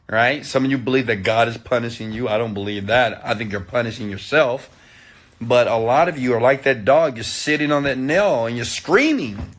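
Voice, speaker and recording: A man giving a motivational talk, preachy and animated, often checking in with "okay?". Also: mid-range voice. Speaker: motivational speaker.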